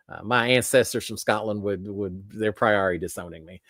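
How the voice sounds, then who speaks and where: A man's voice: on the low side, moderate pace, few pauses, fairly bright tone, dry recording, studio quality. A middle-aged man hosting a livestream, chatting casually and reading out viewer comments, with lots of restarts and self-deprecating asides. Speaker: livestream host.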